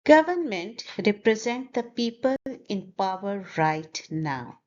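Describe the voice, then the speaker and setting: A woman teaches English pronunciation in a slow, deliberate lesson, over-articulating each word carefully and repeating it so learners can copy. Her mid-range voice is sing-song and unhurried, and the high frequencies are cut off.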